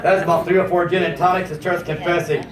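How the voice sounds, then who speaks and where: Stand-up comic, male, high and very lively delivery, roomy distant stage sound. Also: quick pace, a crowd in the background. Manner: animated, jumps into exaggerated character voices. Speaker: stand-up comedian. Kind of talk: stand-up comedy routine. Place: comedy stage before a live audience.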